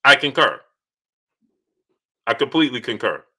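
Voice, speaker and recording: A man hosting a casual live stream, shouting out viewers by name and repeating his points in an animated way. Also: mid-range voice, moderate pace. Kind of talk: casual live-stream chat reading super chats.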